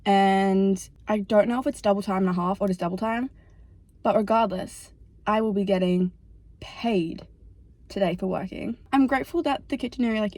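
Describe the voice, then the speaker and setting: A woman's voice: medium pitch, darkish tone, no room sound. A young woman talks casually to camera in a vlog, rambling along with lots of "like" fillers. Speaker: vlogger.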